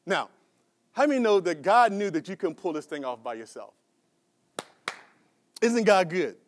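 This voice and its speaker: A man preaching a sermon, asking the congregation questions and building to loud, emphatic peaks. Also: high-pitched, sing-song, normal speed. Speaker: pastor.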